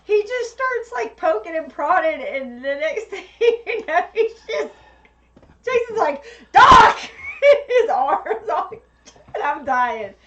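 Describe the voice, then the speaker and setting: Woman host with a high voice, laughs a lot, dull muffled audio. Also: big pitch swings, slow pace, raised voice, noisy background. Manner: laughs often, chimes in. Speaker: homestead show host. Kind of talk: casual chat.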